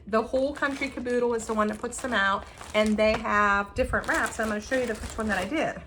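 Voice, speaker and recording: A woman with a slightly high voice chats casually about her crafts. She tells stories in an animated way and acts out every quote. A faint hiss of noise sits behind her. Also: quick pace. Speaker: flosstube co-host. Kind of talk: casual chat.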